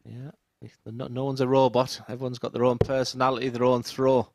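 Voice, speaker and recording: A man's voice: medium pitch, level tone, fairly quick, background noise. A man co-commentating on darts, chatty and joking as he trades opinions with his partner. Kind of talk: sports commentary banter.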